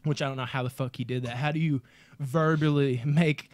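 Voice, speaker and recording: A man from Kentucky hosting a casual movie podcast, excitable and profane, calling everyone dude. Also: medium pitch, fairly quick, no room sound. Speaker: podcast host.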